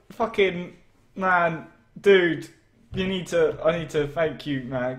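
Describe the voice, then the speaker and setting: A man's voice: on the high side, steady tone, takes it slowly, echoey room. A young man live streaming, overwhelmed and emotional, shaking as he stammers out exclamations and swears.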